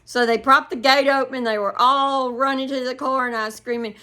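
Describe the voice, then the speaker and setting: A woman's voice: high voice, steady tone, fairly quick, hardly any pauses, sharp tone. An older woman, chatting casually to her viewers and rambling through family stories. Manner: rambling storytelling with laughs. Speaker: vlogger.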